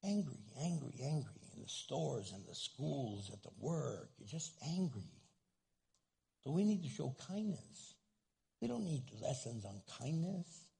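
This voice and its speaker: Gravelly, animated man preaching. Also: mid-range voice, a little slow. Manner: animated, acts out angry churchgoers in comic asides. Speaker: pastor. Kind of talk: sermon.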